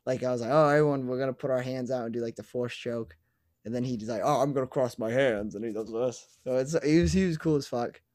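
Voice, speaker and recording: Young male podcast co-host, excited storyteller, casual swearing, dry close sound. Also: medium pitch, fast, dry recording. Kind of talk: casual chat.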